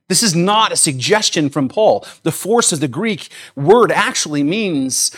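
A man preaching a sermon, swinging from loud, emphatic calls to quiet, explanatory asides, with frequent repeats and restarts. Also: fairly high pitch, animated, a little slow, hardly any pauses, slightly rough. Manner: repeats words, small restarts. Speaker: pastor.

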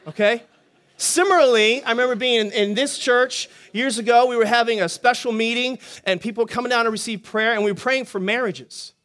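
Middle-aged male pastor, high voice, chatty sermon delivery with quick jokes and restarts. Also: a bit bright. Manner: conversational, joking asides, frequent restarts.

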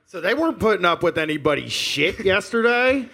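Casual co-host, male, high and bright, animated storyteller who laughs and swears a lot. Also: fairly quick, gravelly. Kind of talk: casual chat.

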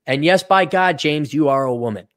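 A man's voice: fairly high pitch, normal speed, fairly bright tone, dry recording, clean studio sound. A man co-hosting a casual talk show, reading out donations and giving blunt, sarcastic opinions. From Wisconsin. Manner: blunt, sarcastic, acts out mocking quotes. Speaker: podcast co-host.

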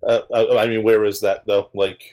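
A man's voice: on the low side, level tone, normal speed, darkish tone. A man co-hosting a podcast in casual, teasing chat. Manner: teasing, playful. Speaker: podcast co-host.

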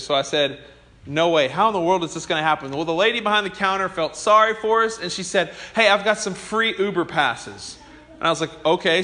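A man's voice: sits high, bright, forceful tone. A young man preaching a sermon, telling a personal story in a conversational, self-deprecating way. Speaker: pastor.

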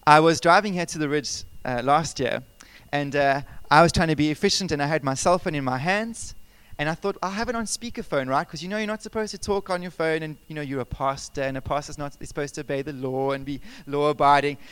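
Animated preaching man, smooth voice. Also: fairly high pitch, a little fast, no room sound. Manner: animated, conversational, asks the congregation questions. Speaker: pastor. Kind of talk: sermon with personal stories. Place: church service.

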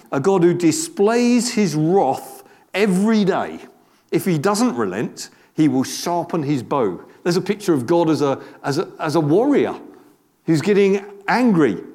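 A man's voice: a little high, darkish tone. A man preaching a sermon in a conversational way, repeating words and asking the congregation rhetorical questions. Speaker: pastor.

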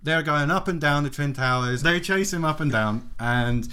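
A man's voice: a little high, moderate pace, bright, forceful tone, smooth. Rambling man recapping a film. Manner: rambling, with many fillers. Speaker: host. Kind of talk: casual chat recapping a film.

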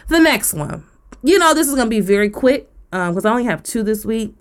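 A woman's voice: a little high, animated, fairly quick. A woman, co-hosting a podcast and ranting bluntly with profanity. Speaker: podcast co-host. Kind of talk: casual rant on a podcast.

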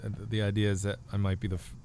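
A man's voice: fairly low pitch, flat delivery, racing, warm tone, slight background noise. A man talking as a guest author in a casual podcast chat, joking and rambling with restarts.

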